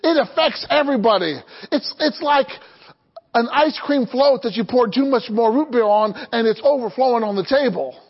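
A man's voice: very high-pitched, animated, normal speed, dull audio. A man preaching a sermon as pastor, calling out to the congregation and prompting them to answer back. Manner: call-and-response preaching, asks the congregation to answer.

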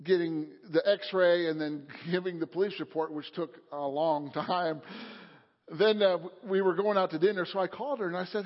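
A man preaching a sermon, telling a story calmly and then rising to loud, fervent preaching. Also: sits high, normal speed. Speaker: pastor. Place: church sanctuary. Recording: muffled sound in a reverberant hall.

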